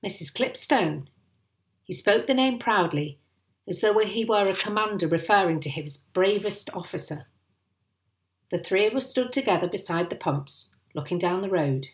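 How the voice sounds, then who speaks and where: A woman reads a children's novel aloud, expressive and animated, her pitch moving a lot. The recording has a roomy echo. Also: moderate pace. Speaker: storyteller. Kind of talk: children's book reading.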